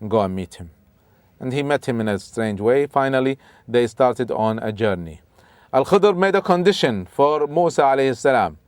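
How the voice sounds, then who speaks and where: A man telling a religious story as a lesson, animated, with sudden emphatic rises and frequent restarts. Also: mid-range voice, moderate pace, clear, resonant tone, no room sound. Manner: speaks with restarts and repeats. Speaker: religious lecturer.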